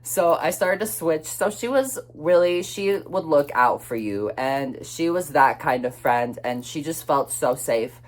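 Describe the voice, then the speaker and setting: A young man chatting through a personal story in a casual vlog, rambling and swearing freely, quick to flare up. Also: on the high side. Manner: chatty and expressive, swears freely, flares up when retelling anger; rambling, restarts and many fillers.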